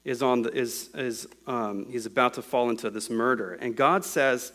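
A man's voice: medium pitch, moderate pace, hardly any pauses, a bit bright. A man preaching a sermon to a congregation in a room, explaining scripture word by word in a patient teaching tone.

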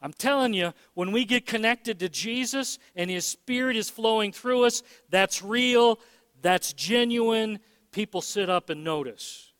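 A man's voice: high-pitched, unhurried, fairly bright tone, smooth, dry recording, big-room sound. A man preaching a sermon as pastor, emphatic, often repeating words and using fillers.

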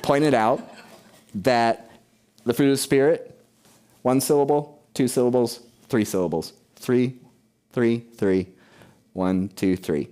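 A man's voice: medium pitch, takes it slowly, long pauses, dark tone. A middle-aged man preaching a sermon with emphasis, asking questions of his congregation. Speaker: pastor.

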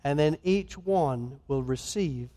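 A man with an Australian accent preaches from the pulpit in a high voice. He talks in an easy, conversational way that drops soft and then rises loud. His voice rings out with a long reverb in a large hall. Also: slow. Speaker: guest pastor. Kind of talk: sermon. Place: church.

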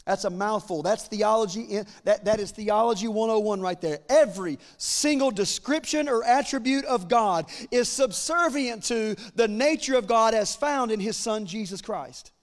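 A man preaching an impassioned sermon, acting out biblical dialogue in casual voices and building to near-shouting peaks. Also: high-pitched, normal speed, few pauses. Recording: long hall reverb.

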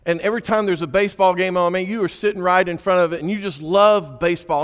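A man preaching a sermon, swinging between hushed and emphatic delivery. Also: high voice. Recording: echoey church hall.

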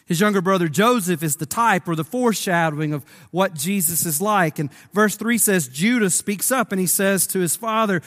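A pastor delivering a sermon in a fairly high voice, his words ringing out with a long echo around him. He leans on repetition for emphasis and slips into the voices of the people in the story he is telling. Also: fairly bright tone. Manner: emphatic preaching with repeated phrases, voicing biblical speakers.

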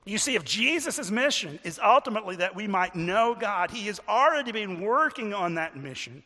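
Earnest guy preaching a sermon, high voice, long church reverb. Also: very animated, pushed and bright. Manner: earnest, repeats words, slows to stress points. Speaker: pastor.

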